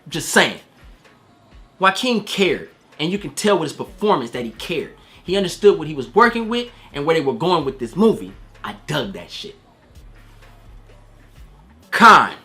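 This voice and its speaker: A man's voice: extremely high pitch, bright, forceful tone. A man giving a casual spoiler movie review, slangy and profane, acting out quoted voices.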